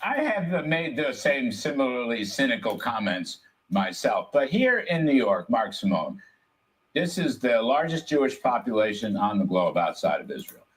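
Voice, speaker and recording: Radio host guy, lively voice, kinda skeptical questions. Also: medium pitch, moderate pace, distant mic. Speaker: radio talk show host. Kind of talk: talk radio discussion.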